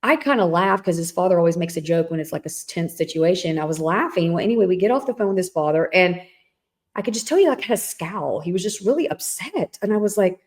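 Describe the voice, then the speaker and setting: A woman's voice: lowish voice, quick pace. Chatty middle-aged woman telling a story. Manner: animated storyteller, acts out quoted dialogue. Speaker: podcast co-host. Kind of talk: casual storytelling chat.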